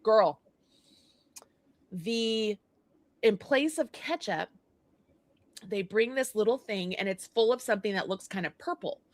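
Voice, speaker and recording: A middle-aged woman co-hosting a casual chat show, telling a story in an animated way, acting out the dialogue and laughing often. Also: mid-range voice, unhurried, long pauses, dry recording. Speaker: co-host.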